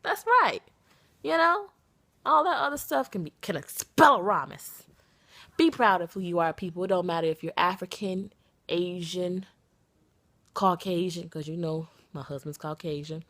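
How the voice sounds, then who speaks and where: An American woman in her thirties, vlogging casually from home with a stuffy nose from a cold, animated and playful, sometimes slipping into put-on accents. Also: fairly low pitch, moderate pace. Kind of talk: casual vlog talk. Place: at home, downstairs.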